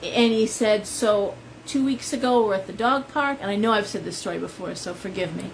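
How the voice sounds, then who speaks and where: A woman's voice: medium pitch, normal speed, gravelly, a little hiss or hum, poor audio. A woman who runs a tarot shop, chatting with viewers on a live stream and rambling into stories. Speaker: shop owner and tarot reader.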